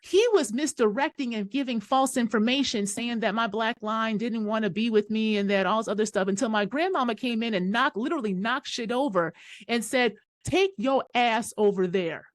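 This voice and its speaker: A woman's voice: a little high, brisk, no room sound. A woman hosting a podcast, telling a personal story in a casual, emphatic and profane way. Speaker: podcast host.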